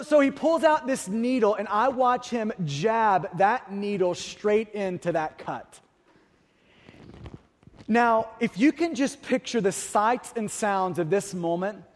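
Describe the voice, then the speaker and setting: A pastor with a high, lively voice preaches slowly in a large hall. He tells the congregation a personal story packed with vivid detail and poses rhetorical questions to them.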